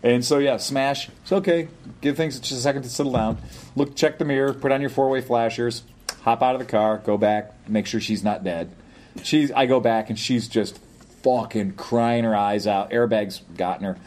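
A man's voice: medium pitch, moderate pace, a little mellow, a little hiss or hum. An older man in casual podcast chat, telling a long story in a rambling way and chuckling often. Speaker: podcast co-host.

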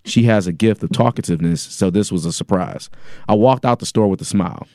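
A man in his forties with a low voice reads a listener's letter on a podcast, deadpan and joking. The sound is dry and close. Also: brisk, no echo. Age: 40s. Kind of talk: casual podcast chat, reading a letter aloud.

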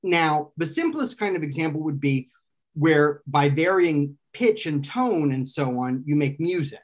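A man's voice: on the high side, lively intonation, a little slow. A man explaining an idea in casual conversation, thinking aloud and often restarting and correcting himself. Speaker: guest expert explaining philosophy.

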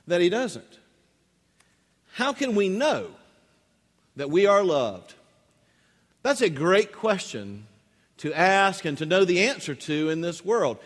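A man's voice: high-pitched, very animated, a little slow, pauses often, big-room sound. A man preaching a sermon in a conversational storytelling way, restarting his phrases as he goes. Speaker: pastor. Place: church.

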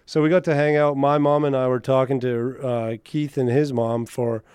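A man's voice: medium pitch, little pitch movement, moderate pace, a little mellow, clean tone, dry recording. A man from Canada, a country singer, chatting casually as an interview guest and telling stories. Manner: chatty storyteller, laughs easily.

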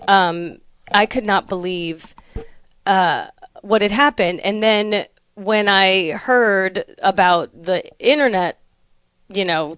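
A woman hosting a casual conversation, telling a story with lively quoted dialogue. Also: mid-range voice, clean tone, no echo, muffled recording.

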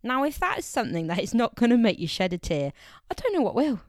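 A woman's voice: fairly high pitch, big pitch swings, fast talker, no room sound, clean studio sound. Chatty young woman podcasting. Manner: chatty and playful, laughing between remarks. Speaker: podcast co-host. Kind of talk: casual podcast chat about football.

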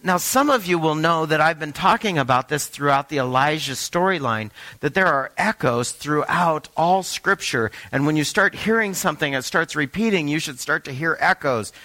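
Bright-voiced man preaching a sermon. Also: a little high, rough recording. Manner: conversational preaching, asks the listeners questions. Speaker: pastor.

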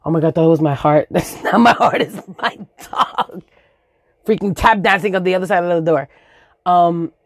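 A woman's voice: on the low side, dry recording, studio quality. A woman in her forties from the Dominican Republic, telling a comic story with swearing, sound effects and Spanish words mixed in.

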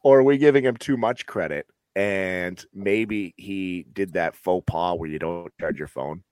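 A man's voice: low-pitched, a little slow, darkish tone, no echo. A man co-hosting a casual chat show, joking and acting out quoted bits. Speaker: podcast co-host.

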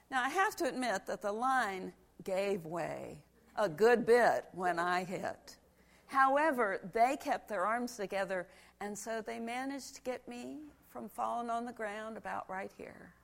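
Gravelly-voiced woman pastor telling a story. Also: medium pitch. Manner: animated storyteller, demonstrates with volunteers. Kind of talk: children's sermon with props.

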